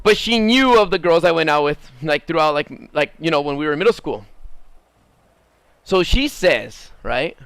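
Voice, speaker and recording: A man in his thirties from Southern California, casually telling a personal story while streaming, jumping up into excited bursts when he quotes himself. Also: normal speed, smooth, no echo. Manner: animated, rising to excited high bursts when quoting himself.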